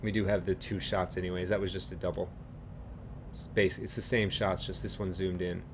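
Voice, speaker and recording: A man's voice: sits low, level tone, a little fast, noisy background. A man from Newfoundland hosting a live stream, chatting casually with viewers in a rambling way and chuckling often between thoughts. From Newfoundland, Canada.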